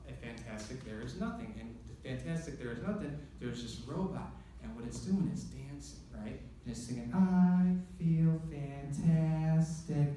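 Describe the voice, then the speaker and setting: A man doing stand-up, telling a rambling, excitable story and acting out his own dialogue on a comedy club stage. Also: medium pitch, a little hiss or hum. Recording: very echoey room, mic from far off.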